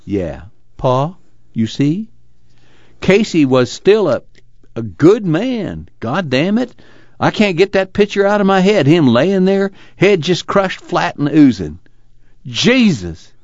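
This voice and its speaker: Male reader doing a grim young farmhand, drawl, deep and muffled. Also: big pitch swings, normal speed, darkish tone, dry recording. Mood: shaken. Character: hurt, weary young farmhand son. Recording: muffled, dry.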